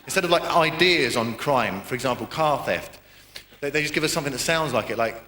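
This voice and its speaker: In a comedy club with a live, laughing audience and echoey acoustics, a man from Britain does a sardonic, foul-mouthed stand-up set that wanders into rambling asides. His mid-range voice is brisk, pushed and bright, with lively intonation. A slight hiss or hum is present.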